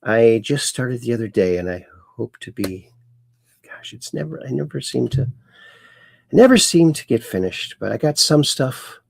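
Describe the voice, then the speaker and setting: A man hosts a casual livestream, chatting folksily and reading out viewer comments with little jokes. His voice is mid-pitched and gravelly with a touch of fry. The room sounds dry and close. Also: animated, measured pace, darkish tone, no room sound. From Ireland. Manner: chatty, folksy, reads comments aloud with wordplay. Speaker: show host reading live chat.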